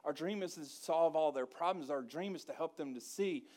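A man preaching a sermon to his congregation, his voice sitting a bit high for a man. He swings between quiet, folksy asides and loud, emphatic call-and-response. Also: moderate pace. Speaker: pastor.

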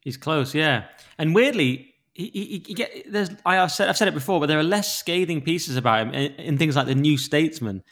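Fast-talking opinionated man. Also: on the high side, animated, fairly bright tone. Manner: brisk, opinionated, quick-fire. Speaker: podcast host. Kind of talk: casual political chat.

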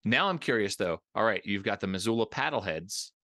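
A man's voice: fairly low pitch, expressive, fairly quick, sharp tone, dry recording, clean studio sound. A man hosting a casual podcast interview, joking around and often repeating words as he talks. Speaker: podcast host.

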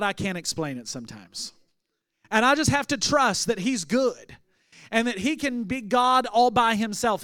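Male preacher, high voice, dry close mic, tells stories and does everyone's voices, gets loud on the big points. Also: no room sound. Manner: storytelling, acting out quoted voices, rising to emphatic outbursts. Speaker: pastor. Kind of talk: sermon.

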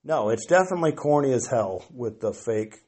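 A man's voice: mid-range voice, animated, brisk, darkish tone, husky. A middle-aged man on a podcast, talking in a rambling, self-deprecating way with lots of hesitant restarts. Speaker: podcast guest. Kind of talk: casual podcast chat.

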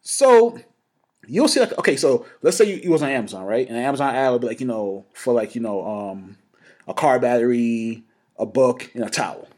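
A young man co-hosting a casual podcast chat, telling a story with lots of laughter and animated energy. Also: mid-range voice, fairly quick. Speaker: podcast co-host.

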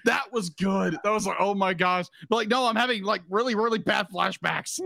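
Male podcast co-host, high pitch, dry close mic; rambling, restart-heavy, laughing delivery. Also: brisk, creaky, pushed and bright, no room sound. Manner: rambling, stumbles and restarts often, laughs a lot. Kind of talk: casual chat.

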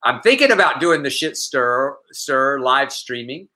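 Bright-voiced chatty host. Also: male voice, medium pitch, lively intonation, unhurried. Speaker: podcast co-host. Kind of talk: casual chat, news banter.

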